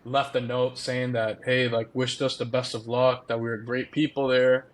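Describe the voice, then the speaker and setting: A man's voice: mid-range voice, moderate pace. Laughing young man telling stories. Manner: animated, laughing often, acts out quotes. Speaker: podcast guest, former college baseball player. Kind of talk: casual storytelling.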